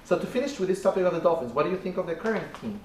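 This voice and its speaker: A man's voice: sits high, expressive, rapid-fire, crowd noise. A man interviewing a guest, asking casual questions and offering brief encouraging interjections.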